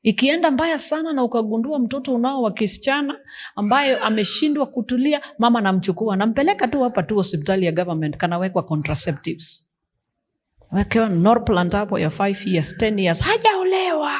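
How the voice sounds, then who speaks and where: A woman's voice: fairly high pitch, fairly quick. A woman pastor, preaching an emphatic sermon that mixes English and Swahili.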